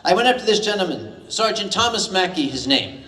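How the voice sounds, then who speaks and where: A man's voice: high-pitched, a little fast. An older American man telling comedic stories live at a convention, wry and a little profane, recorded from a distance in a large hall. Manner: animated, wry, profane humor. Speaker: storyteller at a live convention event. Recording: echoey hall from far off.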